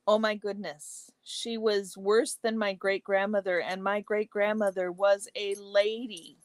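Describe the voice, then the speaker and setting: A woman hosting a casual livestream chat, reading viewer comments aloud and answering each by name, chatty and exclamatory with soft asides. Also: mid-range voice, level tone, unhurried, no echo. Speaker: livestream host.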